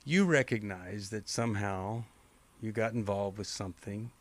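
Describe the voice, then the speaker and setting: A man hosting a call-in advice show, calm and measured, coaching a caller slowly and deliberately. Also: lowish voice. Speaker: radio show host.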